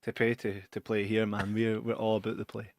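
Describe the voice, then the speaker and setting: A man's voice: lowish voice, little pitch movement, a little fast, no room sound. A Scottish man co-hosting a podcast in casual chat, rambling through stories and laughing a lot. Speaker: podcast co-host.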